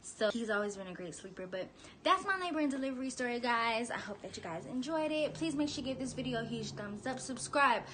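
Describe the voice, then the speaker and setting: A woman's voice: fairly high pitch, animated, a little fast, fairly bright tone, slight background noise. A young woman telling her birth story in a candid, chatty vlog, now and then cooing at her baby. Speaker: vlogger, new mother.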